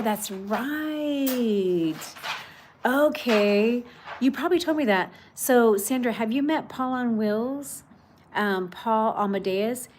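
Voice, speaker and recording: Chatty woman hosting a livestream. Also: fairly high pitch. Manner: chatty, warm greetings, many fillers. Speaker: livestream host. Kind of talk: casual livestream chat, reading comments aloud. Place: outdoor patio at home.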